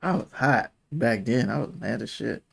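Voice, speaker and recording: A man co-hosting a relaxed couples podcast. He teases his partner and swears freely, often laughing between lines. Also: medium pitch, moderate pace, gravelly, husky. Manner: teasing, profane, laughs often. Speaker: podcast co-host. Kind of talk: casual chat.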